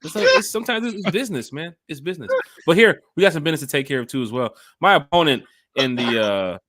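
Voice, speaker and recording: A man hosting a casual podcast, talking fast with a lively, bouncing pitch. He speaks right to the fans in the chat. The sound is dry and close. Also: no room sound.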